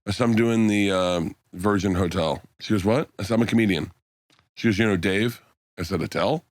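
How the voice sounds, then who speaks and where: A middle-aged comedian on a podcast delivers a rambling, swear-filled anecdote at a brisk pace, performing the quoted dialogue of the people involved. His voice is fairly low, and the studio-quality recording has no room sound.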